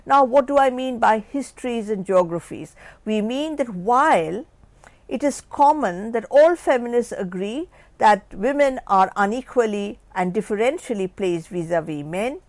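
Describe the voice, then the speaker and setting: Woman lecturing, measured and dry. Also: fairly high pitch, no room sound. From India. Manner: measured, restates points, rising emphasis then dropping off. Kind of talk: academic lecture.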